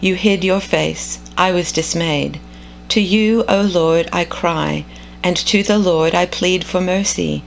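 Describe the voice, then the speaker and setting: Woman reading scripture, gravelly and slow. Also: fairly low pitch, faint music behind, low-quality recording. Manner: measured, contemplative. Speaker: scripture reader.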